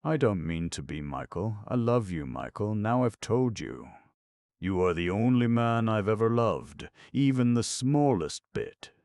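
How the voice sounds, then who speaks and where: A man voicing a middle-aged woman torn by forbidden love, speaking tenderly with a raised pitch, in an audiobook. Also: very animated, measured pace, darkish tone, no echo, studio quality. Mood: pleading. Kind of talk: audiobook character voice.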